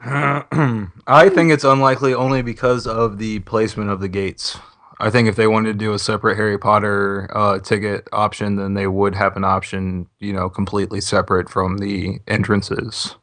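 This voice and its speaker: Low-voiced laid-back male co-host. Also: little pitch movement, normal speed, a bit bright, dry recording. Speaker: podcast co-host. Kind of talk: casual podcast chat.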